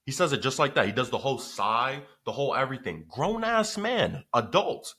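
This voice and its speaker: A man who runs a business telling a story in a casual vlog, animated and swearing freely with lots of filler. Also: mid-range voice, quick pace, husky.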